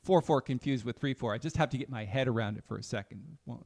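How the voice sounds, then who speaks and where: A man teaching jazz piano in a live online lesson, talking in a relaxed, thinking-aloud way and counting beats aloud as he plays. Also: medium pitch, fast talker, creaky. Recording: piano playing behind the voice. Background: piano music.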